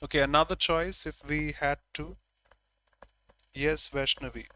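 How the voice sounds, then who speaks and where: A man teaching an online exam-prep lesson, calling on students by name and acting out examples in a lively way. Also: a little high, a little slow, no echo.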